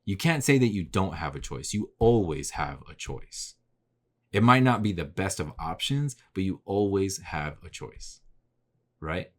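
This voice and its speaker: A man's voice: deep voice, lively intonation, measured pace, a bit bright. A man talking straight to camera in a casual, rambling motivational monologue, full of swearing and repeated rhetorical questions. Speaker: vlogger. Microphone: camera mic.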